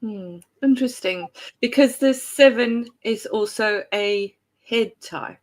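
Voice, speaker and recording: A woman hosts a casual conversation at an unhurried pace. She answers briefly, with a relaxed, joking ease. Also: on the high side. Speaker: host. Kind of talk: casual chat.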